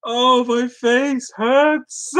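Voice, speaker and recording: A woman's voice: sits high, fairly even intonation, very slow, fairly bright tone. An Irish woman chatting casually on a live stream, giggling and breaking into frequent fits of laughter.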